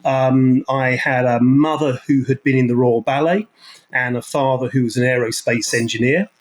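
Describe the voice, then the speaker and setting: A man's voice: mid-range voice, fairly even intonation, moderate pace, rough recording. A man in his sixties with a London accent, a podcast guest telling his life story over a remote call in an earnest, reflective way, often restarting his sentences. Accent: London English. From London, England. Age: 60s. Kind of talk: interview storytelling.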